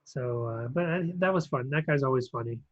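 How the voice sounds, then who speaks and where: A man's voice: medium pitch, brisk, no echo. Male podcast co-host, casual rambling film talk, dry slightly muffled home recording. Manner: rambling, many ums and restarts. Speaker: podcast co-host reviewing films. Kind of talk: casual chat.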